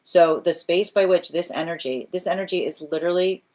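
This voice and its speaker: A woman's voice: on the low side, brisk, darkish tone. A woman giving a live tarot reading, earnest and repetitive, often restarting phrases and checking in with "right?". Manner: restarts phrases while thinking aloud. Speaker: tarot reader.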